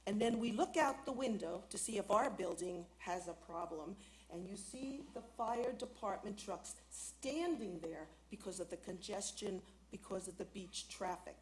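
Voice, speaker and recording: A woman's voice: mid-range voice, moderate pace, darkish tone, slight background noise, rough recording. A woman resident speaking at a city council hearing, insistently objecting to a development. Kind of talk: public comment at council meeting. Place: council chamber.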